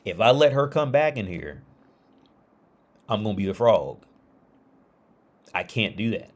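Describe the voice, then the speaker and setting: Low-voiced male streamer, rambling and lively in a loose monologue. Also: a little slow. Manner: rambling with many restarts and "like"s. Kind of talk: casual livestream monologue.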